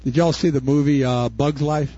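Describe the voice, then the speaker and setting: An older man preaching a sermon as pastor, impassioned and folksy, rising to shouts at his peaks. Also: medium pitch, steady tone, normal speed, dry recording. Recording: dull dry recording.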